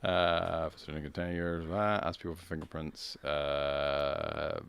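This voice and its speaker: A man's voice: extremely low pitch, steady tone, a little slow, vocal fry, fairly bright tone, smooth, dry recording. A man casually chatting while playing a game on a livestream, joking and thinking aloud. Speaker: game streamer. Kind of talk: casual let's-play chat.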